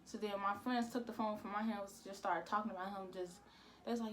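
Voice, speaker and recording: A woman's voice: mid-range voice, fairly even intonation, quick pace, a little hiss or hum. A young woman vlogger telling a casual storytime. She rambles, repeats "I'm like" and uses a lot of slang.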